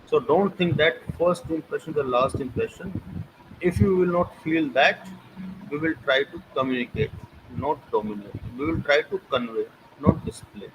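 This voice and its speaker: Speaking at normal speed in a voice on the high side, a man with an Indian English accent teaches an online lecture. He's emphatic, throws out rhetorical questions and repeats key phrases, and clicks and noise mark the recording.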